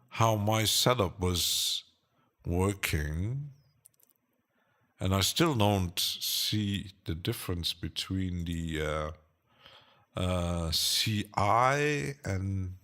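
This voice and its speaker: A man with a lowish, slightly bright voice hosts a casual live stream, answering his chat hesitantly with plenty of fillers and little chuckles.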